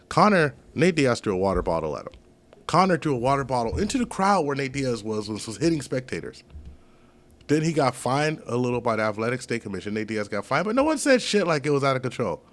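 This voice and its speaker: A man chatting as a podcast guest, telling stories in an animated, profane way. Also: mid-range voice, fairly quick. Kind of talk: casual podcast chat.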